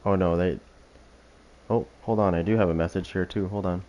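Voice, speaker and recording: A man's voice: deep voice, fairly even intonation, normal speed, dark tone, muffled recording. Brash, foul-mouthed male game streamer. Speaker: streamer playing a killer. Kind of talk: live gameplay commentary.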